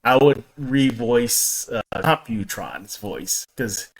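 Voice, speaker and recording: A man co-hosting a podcast in casual chat, animated and repeating words as he talks. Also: medium pitch, slow. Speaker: podcast co-host.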